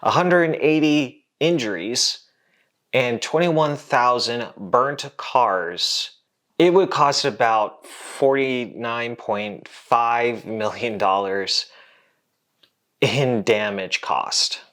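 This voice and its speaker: A man's voice: medium pitch, very slow, fairly bright tone. A man hosting an educational science vlog, explaining in a casual, jokey way with asides to the viewer. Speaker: host.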